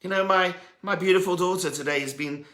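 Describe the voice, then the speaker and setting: A man, a rabbi, telling a story as a sermon, animated and acting out the voices of the people in it. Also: sits high, a little fast, reverberant.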